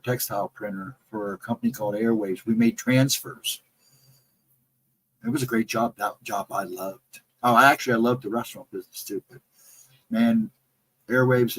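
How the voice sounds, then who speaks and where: A husky middle-aged man with a Central Ohio accent chats loosely on a livestream. He rambles from story to story and reads out chat comments as he goes. His R and W sounds come out a bit soft, and his voice has a breathy rasp to it. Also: medium pitch, poor audio. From Central Ohio, near Columbus. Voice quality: trouble with R and W sounds. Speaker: livestream co-host.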